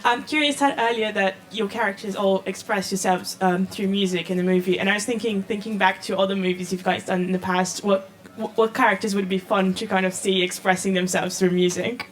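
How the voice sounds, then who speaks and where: A woman's voice: mid-range voice, steady tone, a little fast, hardly any pauses, slight background noise. A woman in the audience asking a question into a handheld microphone, polite and a little hesitant. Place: audience of a live event, handheld mic.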